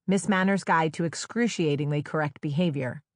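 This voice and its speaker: A woman from New Jersey reads her own memoir in a wry, conversational storytelling style, slipping into playful quoted dialogue. Her voice sits somewhat low for a woman. The recording is close and dry, with no room sound. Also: normal speed, no echo. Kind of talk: audiobook memoir narration. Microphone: close studio microphone.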